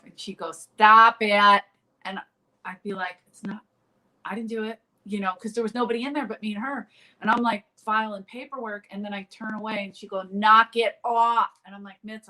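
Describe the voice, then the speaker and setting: A woman's voice: mid-range voice, steady tone, quick pace, poor audio. A woman comedian in a casual interview, telling stories full of fillers and restarts over a remote call. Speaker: comedian guest.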